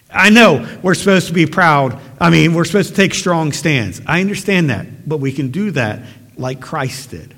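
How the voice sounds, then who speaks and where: A man delivers a sermon with earnest, emphatic conviction, pressing his points home and rising to forceful exhortation. His voice sits a little high for a man. The sound rings with the long reverb of a large hall. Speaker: preacher.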